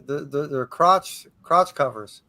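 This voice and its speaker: A man's voice: on the high side, lively intonation, slow, pushed and bright. A man in a casual group chat, making crude wisecracks.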